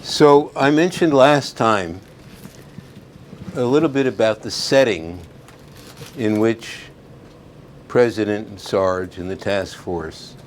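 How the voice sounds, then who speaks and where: A man speaking as a guest lecturer, reading excerpts in a measured way. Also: on the low side, slight background noise. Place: classroom.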